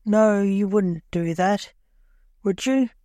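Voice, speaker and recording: Narrator doing a stern reaper king, snappish and disgusted, slow, mellow tone, storybook. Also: medium pitch, dry recording, clean studio sound, close to an everyday voice. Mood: disgusted scolding. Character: stern Grim Reaper king, adult man, gruff.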